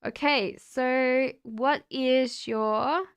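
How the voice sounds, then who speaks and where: A young Australian woman, her accent softened by years in Britain, chatting upbeat with viewers as she gives live tarot readings. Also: sits high, steady tone, drawn-out words, smooth. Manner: chatty and upbeat, laughs often, talks straight to viewers by name. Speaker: tarot reader.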